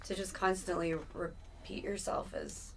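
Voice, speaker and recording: A woman musician chats casually as a guest. Her speech is relaxed and trails off softly at the ends of phrases. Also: fairly low pitch, measured pace, gravelly, a little hiss or hum. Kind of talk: casual chat.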